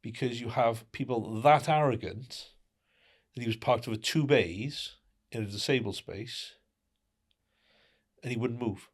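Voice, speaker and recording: A man's voice: medium pitch, measured pace, pauses often. A man co-hosting a casual podcast, talking indignantly and asking rhetorical questions. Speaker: podcast co-host.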